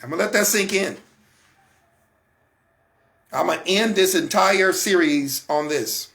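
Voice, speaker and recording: A man's voice: high voice, a little slow, creaky, a bit bright. An American man hosting a Christian broadcast, giving an emphatic, repetitive sermon-like talk straight to his listeners. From United States.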